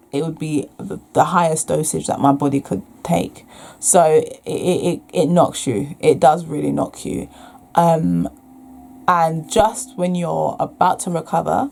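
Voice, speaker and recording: A woman's voice: deep voice, vocal fry. A young woman vlogging frankly about her own experience, reflective and full of restarts. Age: young adult. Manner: frank and reflective, restarts often, soft sighs. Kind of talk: candid talking-to-camera vlog.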